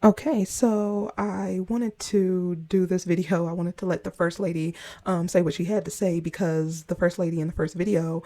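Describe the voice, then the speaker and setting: Woman host, gravelly, mellow dark tone, measured commentary. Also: on the low side, fairly even intonation. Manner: measured, explanatory, with frequent ums. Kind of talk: reaction commentary.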